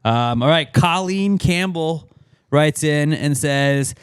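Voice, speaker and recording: A male podcast co-host reading out listener questions in a loose, joking way. His voice sits a little higher than most men's, and he talks casually, swearing freely and riffing with his co-host. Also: slow, clean tone.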